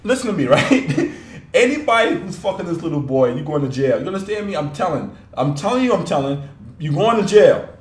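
A man hosting a music reaction video, talking casually, laughing a lot and bursting out in loud, profane disbelief. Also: a little high, big pitch swings, a little fast, echoey room. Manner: laughs often, loud incredulous outbursts, profane.

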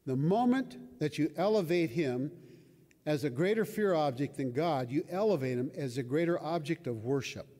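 A man's voice: fairly high pitch, animated, moderate pace, warm tone. An older man preaching a sermon in a conversational way, often asking his listeners questions. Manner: conversational, asks the audience questions. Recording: long hall reverb.

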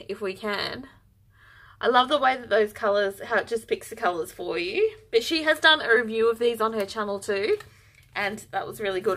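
A woman's voice: a little high, pushed and bright. A woman vlogger chatting through an unboxing, bubbly and gushing, easily overexcited. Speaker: yarn vlogger. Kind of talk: casual unboxing chat.

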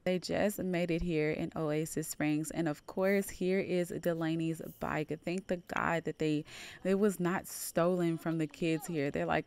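A young woman at home narrating her life-sim game in a chatty, excitable way, with a slightly low voice. She talks straight to her viewers throughout. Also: normal speed, gravelly. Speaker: let's play creator. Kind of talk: casual game commentary.

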